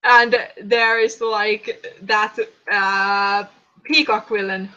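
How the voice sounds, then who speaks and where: A woman hosting a livestream in casual chat, playful, giggly and excitable. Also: medium pitch, drawn-out words, clean tone. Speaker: streamer host. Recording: dull lo-fi stream audio.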